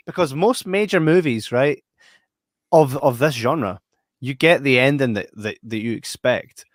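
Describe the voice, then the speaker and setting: A man's voice: mid-range voice, lively intonation, unhurried, no echo, clean studio sound. A man co-hosting a podcast, chatting casually and animatedly about a film, laughing often. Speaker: podcast co-host. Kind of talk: casual interview chat.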